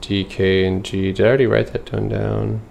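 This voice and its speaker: A man's voice: lowish voice, little pitch movement, moderate pace, creaky, a little mellow, a little hiss or hum. A man hosting a casual trading livestream, going through charts in a loose, filler-heavy way and answering his chat. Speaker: stock trading streamer.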